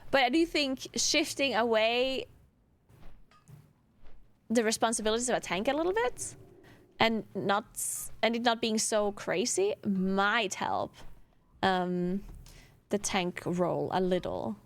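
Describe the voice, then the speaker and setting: A woman's voice: mid-range voice, lively intonation, slow, pauses often. A woman streamer casually thinking aloud about a game, hedging often and checking in with "right?".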